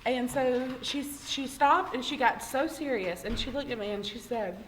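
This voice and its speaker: A young woman with a fairly high voice recounts her own faith testimony in a plain vlog style. She wanders through the story, backs up to correct herself, and leans on "um" between thoughts, with a faint hiss of noise behind her. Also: normal speed, rough recording. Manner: rambling, self-correcting, frequent "um". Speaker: vlogger sharing a personal testimony.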